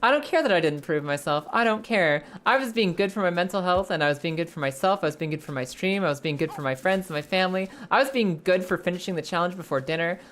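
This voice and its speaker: A woman's voice: lowish voice, fast talker, few pauses, a bit bright, close to an everyday voice. A woman voicing a defensive, self-excusing person who took the easy way, whining in justification. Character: self-excusing stair-taker, mock childish.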